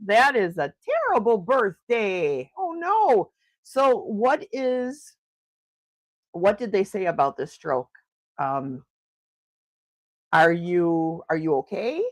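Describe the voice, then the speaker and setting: A woman's voice: mid-range voice, sing-song, takes it slowly, pauses often, dry recording. A chatty, exclaiming woman hosting a casual morning livestream from home at a desk microphone, reading out and answering viewer comments. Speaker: livestream host. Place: home in snowy Milwaukee.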